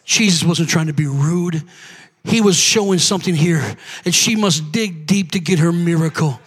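A man preaching a sermon in a church, fervent and often shouting as he calls out to the congregation. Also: on the high side, moderate pace, slightly rough.

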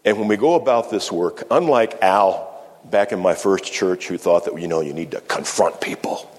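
Male pastor, fairly low voice, preaching with deliberate pauses; reverberant sanctuary sound. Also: darkish tone. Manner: measured preaching with slow emphatic pauses. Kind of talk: sermon. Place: church sanctuary. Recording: long reverb of a church hall.

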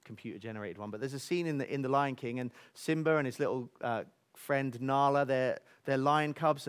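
A man preaching a sermon, telling stories with animated energy and dropping to soft near-whispers for emphasis. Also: fairly high pitch, clean tone.

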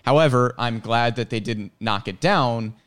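A man's voice: mid-range voice, moderate pace, a bit bright, smooth. A man co-hosting a casual sports podcast, explaining things earnestly with playful asides. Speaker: podcast co-host.

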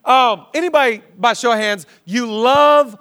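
Male pastor, 30s, higher voice, casual sermon with quick jokey asides. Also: fairly bright tone, smooth. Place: large church auditorium.

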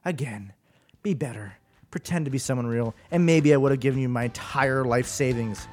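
A man's voice: medium pitch, moderate pace, a little mellow, faint music behind. A man hosting his own podcast in a casual solo monologue, chatty and amused, often trailing off and restarting. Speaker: podcast host.

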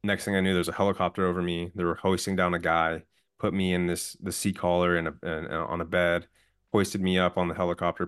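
A young man in his twenties, a podcast guest, calmly and earnestly telling a personal story, candid and now and then swearing. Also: low voice, clean tone. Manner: calm, earnest, candid with profanity.

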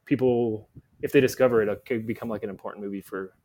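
A man's voice: fairly low pitch, fairly even intonation, fast, warm tone. A man speaking as a guest film critic in a casual podcast conversation, rambling with lots of "like" fillers.

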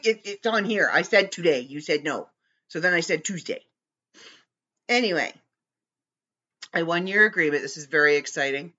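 A woman hosting her own podcast in casual chat, animated and playfully bickering with someone off-mic. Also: on the low side, moderate pace, pauses often, muffled recording. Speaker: podcast host.

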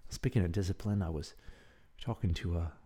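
A man hosting his own podcast, telling rambling everyday stories with chuckles and restarts, then slowly and softly guiding a breathing exercise. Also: low voice, breathy edge. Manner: slow and soft when guiding breathing. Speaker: podcast host. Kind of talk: casual storytelling, then a guided breathing exercise.

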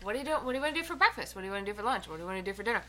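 A woman's voice: medium pitch, animated, a bit bright. A young woman from the US East Coast, co-hosting a podcast in casual chat, telling stories and laughing easily. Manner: storytelling, quick to laugh. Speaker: podcast co-host.

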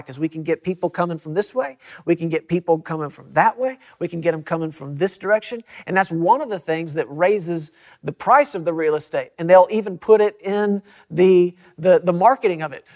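Male pastor, fairly high voice; emphatic preaching that lifts on quoted lines. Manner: emphatic, rising for quoted scripture. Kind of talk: preaching in a church talk.

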